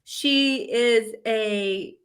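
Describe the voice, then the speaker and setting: A woman's voice: a little high, extremely slow, fairly bright tone, smooth. A woman from the American South co-hosting a romance writing podcast, talking in a chatty, rambling way with lots of fillers. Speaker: podcast co-host and romance author. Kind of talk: casual chat.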